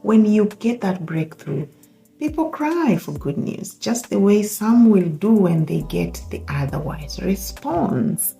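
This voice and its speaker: A woman's voice: medium pitch, sing-song, slow, gravelly, warm tone, soft background music. A woman hosting her own podcast, talking earnestly and reflectively, often restarting words as she thinks. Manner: earnest, emphatic, repeats words while thinking. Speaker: podcast host. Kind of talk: reflective solo talk.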